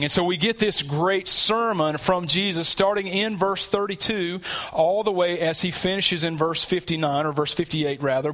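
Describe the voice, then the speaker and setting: A man's voice: on the high side, pushed and bright. A man preaching a sermon, explaining scripture verse by verse in an earnest teaching manner, often restarting his sentences.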